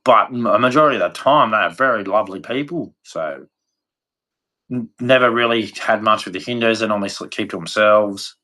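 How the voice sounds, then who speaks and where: A man's voice: on the low side, a little fast, bright, forceful tone. An Australian man from Australia giving a blunt, rambling opinion rant to camera, swearing freely. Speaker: vlogger.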